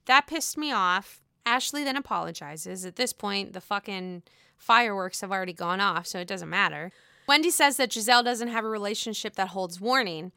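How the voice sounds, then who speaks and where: Female recap vlogger, bright and crisp, opinionated and profane, dry and close-miked. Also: a little high, dry recording. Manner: opinionated, exasperated, swears freely. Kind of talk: casual profane recap commentary.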